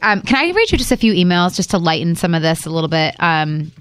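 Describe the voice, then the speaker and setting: A woman's voice: lowish voice, big pitch swings, fast talker, clean tone, no echo, studio quality. A woman hosting a podcast in a casual, emotional, bubbly way. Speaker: podcast host.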